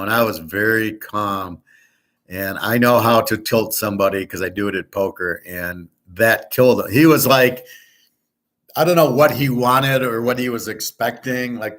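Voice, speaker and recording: Male host from Michigan, mid-pitched voice, blunt, profane and rambling in casual talk. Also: a bit bright. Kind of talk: casual monologue.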